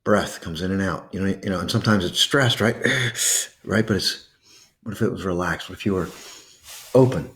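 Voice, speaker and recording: A man with a low, deep voice leads a slow breathing exercise. He coaxes gently and lets soft pauses hang between his words. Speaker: host guiding a calming exercise. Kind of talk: guided breathing meditation.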